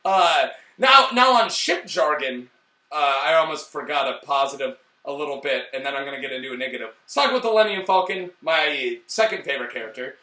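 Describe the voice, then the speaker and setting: A man's voice: on the high side, brisk, roomy sound, far from the mic. Hoge, heldere man in een galmende kamer. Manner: animated, swearing, acts out lines in loud bursts. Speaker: movie reviewer. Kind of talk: casual review chat.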